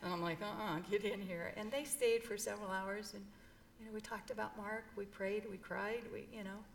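A woman's voice: mid-range voice, steady tone, fairly quick, vocal fry, a little hiss or hum. A middle-aged woman telling an emotional personal story in an interview, earnest and heartfelt. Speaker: guest.

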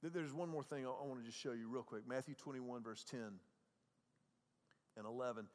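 A man preaching a sermon as a pastor. He talks in a conversational way, often repeats words, and swings between soft, quiet passages and loud, raised ones. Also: mid-range voice, steady tone, fairly quick, long reverb tail.

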